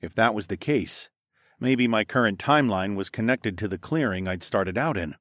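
A man's voice: lowish voice, lively intonation, moderate pace, fairly bright tone, no room sound, studio quality. A man narrating an audiobook in the first person, telling the story expressively.

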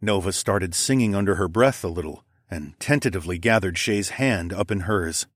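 A man narrating first-person fiction in a steady, measured storytelling way. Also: low-pitched, no echo, clean studio sound. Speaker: audiobook narrator.

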